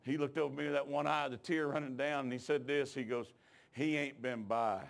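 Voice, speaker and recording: A middle-aged man preaching, telling a personal story in a folksy, emotional way that rises into shouted preaching. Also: fairly high pitch, level tone, quick pace, creaky. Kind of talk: storytelling sermon.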